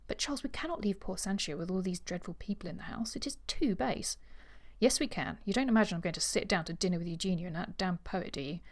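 Woman, lowish voice, lively reader, acts out dialogue, casual book chat. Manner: expressive reader, acts out dialogue, laughs easily. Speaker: podcast co-host. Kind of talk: reading a novel aloud, then casual chat.

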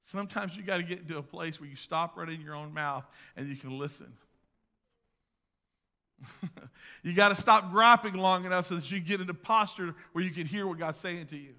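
High, bright-voiced male preacher in a hall. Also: moderate pace. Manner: preaching with swings between loud emphasis and hushed asides. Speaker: pastor. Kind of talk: sermon. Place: church sanctuary. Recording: long reverb of a large hall.

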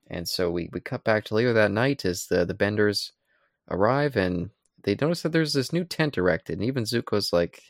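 A man's voice: deep voice, moderate pace, creaky, dry recording, studio quality. A man co-hosting a podcast, casually retelling comic scenes and acting out the characters' lines. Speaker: podcast co-host. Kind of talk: casual chat.

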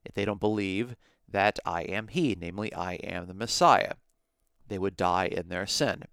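A man with a lowish, smooth and resonant voice gives a podcast Bible lesson. He works through each point methodically, one step at a time. The sound is close and dry, with no room around it. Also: moderate pace, a bit bright, dry recording. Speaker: Bible teacher.

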